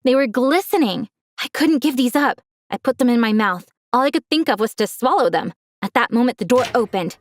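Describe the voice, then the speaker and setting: Young woman narrator, first-person storytelling, earnest and dramatic, voice sits a bit high. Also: animated, fairly quick, hardly any pauses, no room sound, studio quality.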